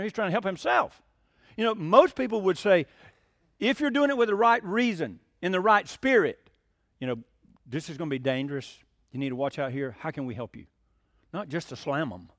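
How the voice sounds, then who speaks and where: A man's voice: high voice, no room sound, clean studio sound. A man preaching a sermon, telling folksy stories and asking the congregation questions. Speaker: pastor.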